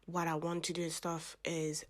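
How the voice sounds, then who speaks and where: A young woman chatting to camera in a casual vlog, rambling and self-mocking, often dropping into soft half-whispered asides. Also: low voice, monotone, moderate pace. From family from Gambia, French-speaking background. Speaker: vlogger.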